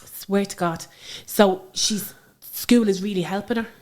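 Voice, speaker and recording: A woman in her thirties with an Irish accent, telling stories about her daughter in a chatty, animated way. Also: medium pitch, unhurried. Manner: chatty, animated storytelling with frequent fillers. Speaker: interview guest, mother. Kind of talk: casual conversational interview.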